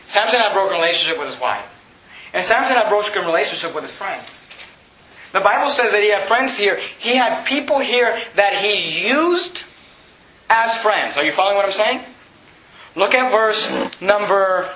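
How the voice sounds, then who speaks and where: A man's voice: high-pitched, sharp tone, roomy sound, lo-fi sound, slight background noise. A man preaching a sermon as pastor, with emphatic, rising bursts of speech.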